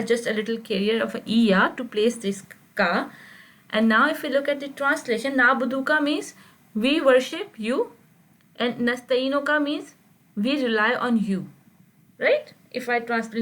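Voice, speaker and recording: A woman's voice: a little high, fairly bright tone, poor audio. A patient woman teaching Arabic grammar. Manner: patient, explains step by step, often checks understanding with questions. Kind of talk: live online grammar lesson.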